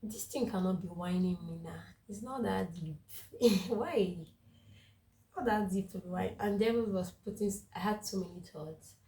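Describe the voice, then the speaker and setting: A woman's voice: medium pitch, moderate pace, warm tone, reverberant, far from the mic, a little hiss or hum, poor audio. A woman with a cold sharing her recent weeks in a candid, rambling vlog, laughing often. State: congested with a cold. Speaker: faith vlogger. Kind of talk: casual personal vlog.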